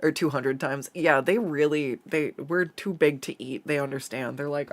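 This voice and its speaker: Chatty, fairly high-voiced man. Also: normal speed, hardly any pauses. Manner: rambling, chatty storytelling with many fillers and laughs. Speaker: artist streaming a drawing session. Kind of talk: casual chat while drawing.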